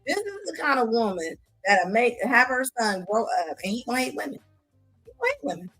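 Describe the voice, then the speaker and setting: A woman's voice: a little high, big pitch swings, a little fast, a bit bright, faint music behind. Blunt, mocking woman streamer. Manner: blunt, mocking, laughs often. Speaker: commentary streamer. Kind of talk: casual reaction commentary.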